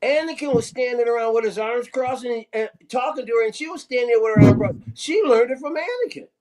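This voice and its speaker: A man with a high voice that swings widely up and down jokes around with his friends. He teases and riffs through the chat. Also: animated, fast, a little mellow. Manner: joking and teasing. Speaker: panelist on a collecting podcast. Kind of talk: casual chat.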